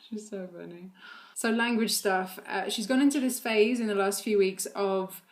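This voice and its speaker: A woman's voice: medium pitch, expressive, measured pace. A woman, a mother, chatting casually on her vlog, full of fillers and frequent laughs. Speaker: vlogger and mother. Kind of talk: casual chat about her toddler.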